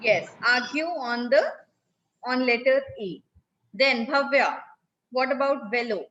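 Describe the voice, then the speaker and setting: A woman's voice: a little high, a little slow, fairly bright tone, dull audio. A woman teaching a French class over a video call, calling on students by name and repeating their answers.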